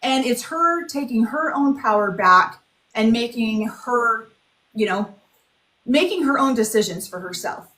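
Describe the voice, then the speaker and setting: A woman in her forties, a guest in an interview, talking bluntly and telling her story in a lively, candid way. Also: on the high side, unhurried. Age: 40s. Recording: roomy echo.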